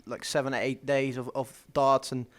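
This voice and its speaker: A man's voice: mid-range voice, level tone, normal speed. A young man, a professional darts player, answering interview questions casually, restarting words and laughing often. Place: stadium media day.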